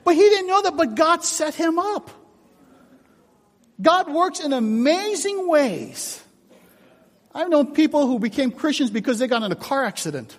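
Animated preacher man in a reverberant hall. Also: very high-pitched, unhurried, pauses often. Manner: animated storytelling, shifts from shouts to hushed whispers. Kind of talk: sermon with acted-out stories.

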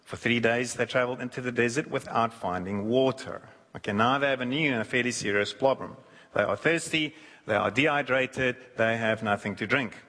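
A man preaching a sermon who acts out quoted voices, shifting his pitch and pace. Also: fairly quick, sharp tone. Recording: long hall reverb.

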